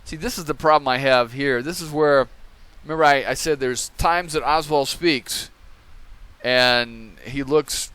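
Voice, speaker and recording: A man's voice: medium pitch, a little slow, a bit bright, clean tone, no echo. A man hosting a channel, giving casual commentary on old testimony and often tagging his points with "okay?". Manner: conversational, tags remarks with "okay?". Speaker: channel host reviewing testimony.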